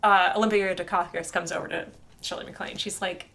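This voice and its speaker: A woman's voice: fairly low pitch, steady tone, fairly quick, a bit bright. A young woman chatting casually on a podcast, full of "like", laughing often and acting out quotes from movies. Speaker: podcast co-host. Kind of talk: casual chat.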